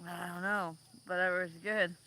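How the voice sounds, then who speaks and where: A woman chatting casually on a vlog, meandering and pausing often with ums and trailing sentences. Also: fairly low pitch, level tone, sharp tone. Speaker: vlogger. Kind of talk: rambling casual chat.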